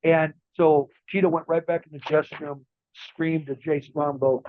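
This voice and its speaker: A man's voice: a little high, fairly even intonation, moderate pace, dry recording. A man in his sixties, a former wrestler, tells rambling stories in a casual interview, with lots of fillers and restarts. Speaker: interview guest, former wrestler and ring announcer. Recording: tinny phone-like line, dry.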